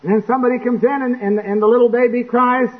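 A man preaching a sermon in church, acting out quotes and breaking into sudden shouts. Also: very high-pitched, fairly even intonation, fast talker. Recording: tinny lo-fi phone-like recording.

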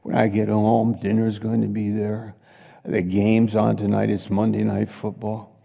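Middle-aged male preacher, slow and dramatic, gravelly, in a church hall with a long echo. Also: on the low side. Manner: animated, swings between loud exclamations and quiet asides. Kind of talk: sermon with acted-out scenes.

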